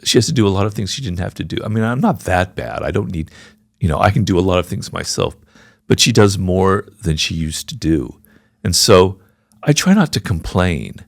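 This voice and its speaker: Gravelly low-voiced man in his sixties. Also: expressive, moderate pace, dry recording, studio quality. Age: 60s. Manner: frank and reflective. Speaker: podcast guest, author. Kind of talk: candid conversational interview.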